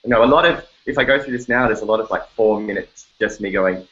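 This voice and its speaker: The recording is muffled as an Australian-accented man, a songwriter guest, talks quickly in a lowish voice. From his bedroom he keeps the casual interview chat animated and jokey, breaking into little sung bits.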